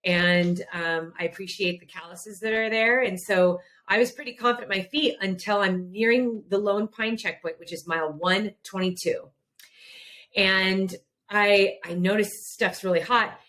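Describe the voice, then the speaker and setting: A woman's voice: medium pitch, normal speed. A middle-aged woman hosting a podcast, telling a story in a casual, emphatic way and laughing now and then. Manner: animated, emphatic, laughs while recounting. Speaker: podcast host.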